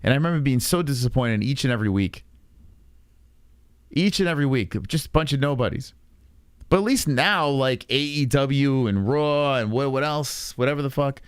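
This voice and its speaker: A man's voice: medium pitch, moderate pace, clear, resonant tone, no echo, studio quality. A man in his thirties hosting a casual reaction stream, rambling with profane sarcasm. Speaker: podcast host.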